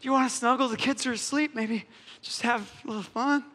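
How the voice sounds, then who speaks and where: A man doing a softly coaxing spouse. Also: very high voice, fairly even intonation, fairly quick, long reverb tail.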